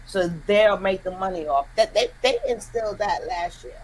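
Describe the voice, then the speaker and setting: A guest content creator in a casual livestream chat, talking emphatically and complaining in quick bursts. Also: medium pitch, slight background noise, rough recording.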